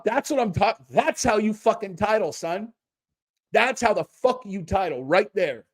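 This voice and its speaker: A man hosting a livestream in casual chat, rambling, excitable and swearing constantly. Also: sits high, measured pace. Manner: profane, rambling and excitable, with many restarts. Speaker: livestream host.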